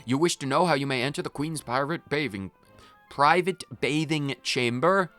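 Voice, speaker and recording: A man's voice: on the high side, normal speed, fairly bright tone, faint music behind, close to an everyday voice. A man voicing a pompous fisherman in a video game, speaking in old-fashioned formal phrasing.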